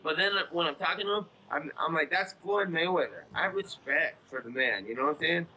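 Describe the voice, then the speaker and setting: Man, 30s, interview guest: blunt, cursing, rambling, sharp forceful tone, slightly high voice. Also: expressive, fast, highs cut off, slight background noise. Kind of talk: casual interview talk.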